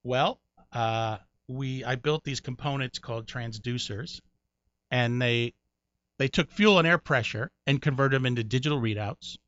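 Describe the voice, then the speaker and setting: A middle-aged man from Connecticut, a comedian guest in an interview, telling animated stories and jumping high when he acts out other people. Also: a little slow, no echo. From Connecticut, USA. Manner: animated storyteller, jumps high doing other people's voices. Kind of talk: storytelling interview. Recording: dry, muffled sound.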